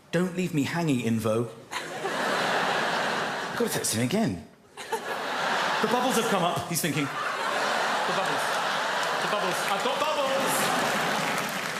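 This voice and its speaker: A man hosting a comedy show in front of a live audience, playful and excitable. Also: on the high side, very noisy. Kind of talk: live stand-up banter with audience. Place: TV studio before a live audience. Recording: echoey studio with loud crowd laughter. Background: audience laughter and applause.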